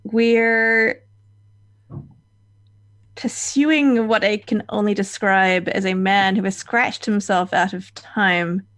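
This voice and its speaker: Brief: woman playing a calm, formal female investigator in a tabletop game, measured delivery. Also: medium pitch.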